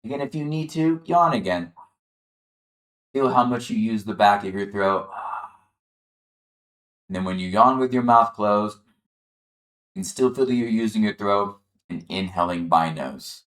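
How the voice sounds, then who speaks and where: A man leading a chair yoga class, calmly guiding the listener through breathing and gentle movement. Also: fairly low pitch, measured pace, pauses often, roomy sound. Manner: calm, encouraging, guiding the breath step by step. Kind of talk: guided exercise instruction.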